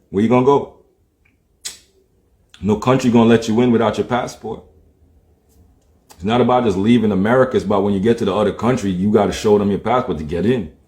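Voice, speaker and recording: A man's voice: on the low side, a little mellow. A man giving a blunt, profane, slang-heavy casual rant, often repeating himself. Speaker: streamer. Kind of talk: casual ranting monologue. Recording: roomy echo.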